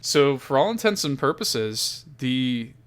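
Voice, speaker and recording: A man hosting a casual podcast chat, animated and profane, laughing often. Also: medium pitch, slow, smooth. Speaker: podcast host.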